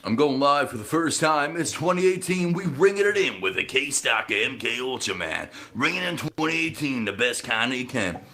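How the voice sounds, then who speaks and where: A man's voice: medium pitch, big pitch swings, moderate pace, few pauses, bright, forceful tone. A man from Canada ranting on a livestream in a rambling, profane, conspiratorial way, tacking "man" onto his sentences.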